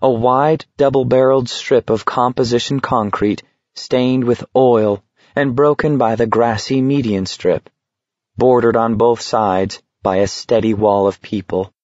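A man reading a novel aloud in steady, measured scripted narration. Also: mid-range voice, dry recording, lo-fi sound. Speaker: audiobook narrator.

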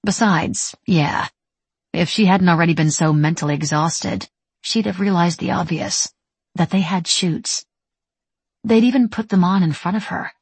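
A woman narrating an audiobook in a steady, even storytelling manner. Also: fairly low pitch, a little slow, breathy edge, dry recording. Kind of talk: scripted narration.

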